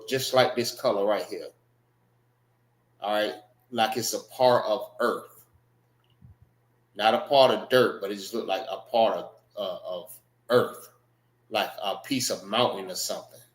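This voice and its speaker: Slow-teaching man in echoey room. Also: fairly low pitch, fairly even intonation. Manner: unhurried, repeats words to drill pronunciation. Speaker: class teacher.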